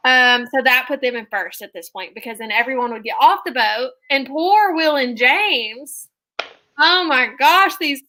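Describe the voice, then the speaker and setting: Bright-voiced woman gushing over a recap. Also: high-pitched, measured pace. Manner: chatty and gushing, heavy on "like" fillers. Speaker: reality TV recap co-host. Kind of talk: casual recap chat.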